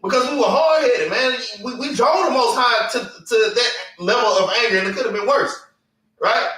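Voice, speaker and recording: A man with a high, bright, forceful voice teaches a Bible class, recorded far from the mic in an echoey room. His informal preaching mixes scripture reading with blunt slang and cursing, often tagged with "man" and "all right".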